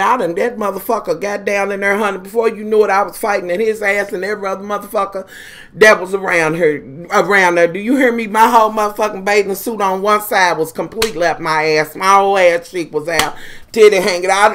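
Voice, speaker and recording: A woman's voice: medium pitch, a little fast. A woman telling a personal story in a casual monologue. She swears constantly and calls her listeners honey and y'all. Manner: profane, animated, addresses listeners as honey and y'all.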